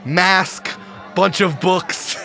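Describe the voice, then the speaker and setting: Upbeat male game master, bright tone, loose and jokey, music faint underneath. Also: high voice, drawn-out words. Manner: playful, laughing, lots of "like". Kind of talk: narrating a tabletop game.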